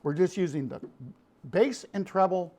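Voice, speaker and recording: A man's voice: high-pitched, expressive, moderate pace, a little mellow. A middle-aged man with a Chicago accent, a studio producer giving a folksy, hands-on demonstration of guitar tone. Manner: folksy, calls people "Mister". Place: recording studio.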